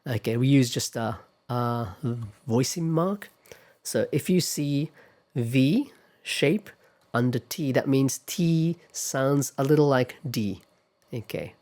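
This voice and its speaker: A man giving a pronunciation lecture, speaking deliberately and repeating example words several times to demonstrate them. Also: medium pitch, darkish tone.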